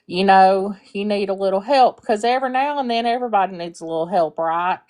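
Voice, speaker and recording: A woman's voice: medium pitch, fairly quick, a little mellow, lightly acted. A woman doing a wary old farmer, storytelling voice. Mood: hesitant. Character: wary kindly male farmer, later shocked.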